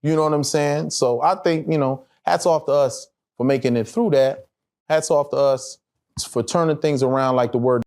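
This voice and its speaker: A middle-aged man, an actor, telling a personal story in an interview with animated, profane, emotional delivery. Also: on the high side, moderate pace.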